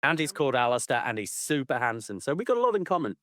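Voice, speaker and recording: Male podcast co-host, lively swinging pitch, laughs a lot, swears, casual banter. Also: fast talker, no room sound, clean studio sound. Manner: animated, laughing, swears freely. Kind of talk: casual chat.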